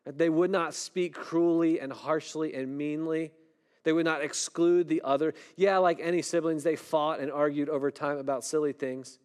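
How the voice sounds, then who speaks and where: A middle-aged man preaching a sermon in a conversational way, often asking "right?" and dropping his voice low and soft when a story turns tense. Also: steady tone, moderate pace, clean tone. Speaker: pastor.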